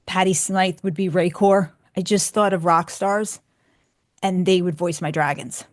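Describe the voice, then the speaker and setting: A woman's voice: fairly low pitch, steady tone, a little slow, no echo, studio quality. A woman hosting a radio show, chatting candidly and with feeling as she answers listener questions. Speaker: radio show host and author.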